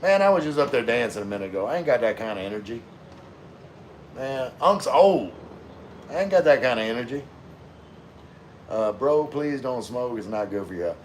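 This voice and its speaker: Middle-aged male streamer, relaxed, mid-range voice, casual chat with viewers, slight room noise. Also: mid-range voice, normal speed, long pauses. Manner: laid-back, answers viewer comments with frequent fillers. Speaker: livestream host reading chat.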